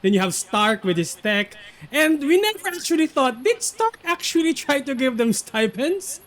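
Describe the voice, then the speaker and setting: A man's voice: very high-pitched, very animated, moderate pace, a bit bright. A man, co-hosting a casual recap chat, rambling with many fillers and restarts. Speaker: podcast co-host.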